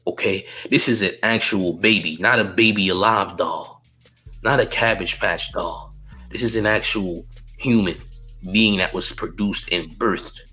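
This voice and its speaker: A man's voice: low-pitched, unhurried, pushed and bright, soft background music, low-quality recording. A man giving opinionated celebrity news commentary, blunt and emphatic, often repeating slang tags at the end of his points.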